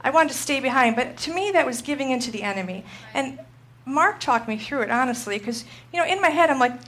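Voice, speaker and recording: Animated middle-aged woman telling a story. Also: high-pitched, a little fast, few pauses. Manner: animated storytelling, acts out her own panic. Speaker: Christian teacher. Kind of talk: teaching talk with personal story.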